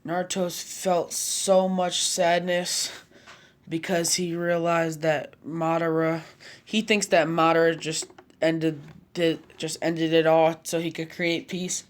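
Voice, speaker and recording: A man's voice: on the high side, little pitch movement, takes it slowly. Casual man narrating a fan story. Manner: casual, rambling, with asides.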